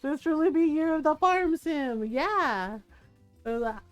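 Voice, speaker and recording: A woman's voice: high-pitched, animated, a little slow, faint music behind. A woman in her thirties chatting casually while streaming a game, giggling and humming to herself.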